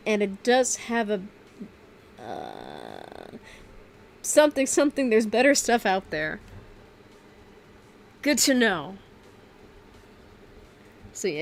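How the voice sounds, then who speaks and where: Woman streamer, chatty and rambling, mid-pitched voice, faint hiss behind her. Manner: rambling, chatty, many fillers and self-corrections; laughs often. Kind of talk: casual livestream chat.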